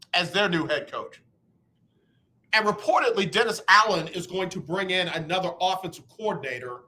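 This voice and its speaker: Guy hosting a radio show, talks high and bright, acts out little back-and-forths. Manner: animated, acts out both sides of talks. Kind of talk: casual radio talk.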